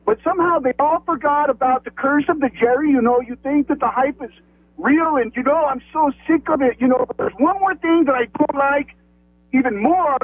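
A man's voice: extremely high pitch, brisk, no echo. A man calling in to a radio show, meandering and full of fillers. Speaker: caller. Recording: tinny dry phone line.

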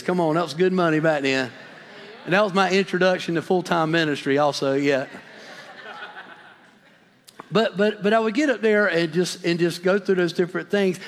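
High-voiced man preaching in an echoing hall. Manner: earnest storytelling with emphatic repetition. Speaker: pastor. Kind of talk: sermon. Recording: long hall reverb.

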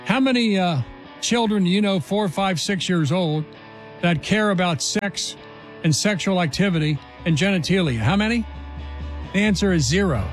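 A man hosting a talk radio show, delivering an indignant, emphatic monologue full of rhetorical questions. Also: high voice.

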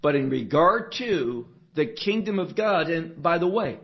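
A man preaching a sermon, teaching slowly and deliberately through a Bible passage and asking rhetorical questions. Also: on the high side, animated, highs cut off.

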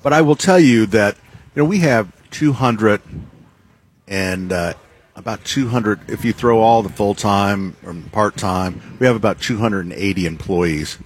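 Rambling low-voiced man chatting. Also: a little slow, slightly rough. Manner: rambling, trails off mid-sentence. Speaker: guest, event organizer. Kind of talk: casual on-air chat.

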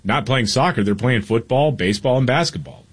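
A man co-hosting a casual talk show, speaking in a measured, thoughtful way with occasional quick bursts. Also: mid-range voice, lively intonation, husky.

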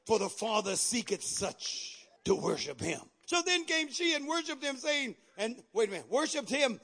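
Man, very high voice, pastor, call-and-response preaching, fervent. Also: sing-song, moderate pace, pushed and bright. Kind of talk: sermon.

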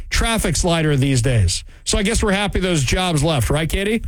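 A man's voice: on the high side, sing-song, normal speed, few pauses, no echo. A man giving sarcastic, mocking political commentary, reading news excerpts aloud and ridiculing them.

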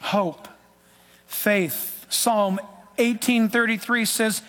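A man preaching a sermon as a pastor, emphatic, swinging between loud declarations and hushed asides. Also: high-pitched, fairly even intonation, drawn-out words. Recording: long hall reverb.

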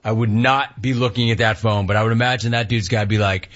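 A man's voice: lowish voice, steady tone, quick pace, few pauses, fairly bright tone. A man hosting a sports talk radio show, delivering a monologue with punchy, emphatic repetition. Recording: slightly muffled radio broadcast.

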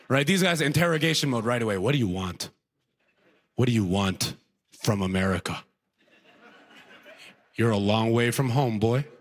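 A man's voice: on the high side, a bit bright, in a large hall. A man from Sudan doing a conversational stand-up set on a comedy club stage, checking in with the crowd as he goes.

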